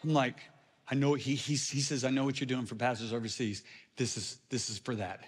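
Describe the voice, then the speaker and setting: A man's voice: mid-range voice, brisk, breathy edge. Preacher man in an echoing hall. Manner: animated, swings from hushed to shouting. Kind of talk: storytelling sermon. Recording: long reverb of a large hall.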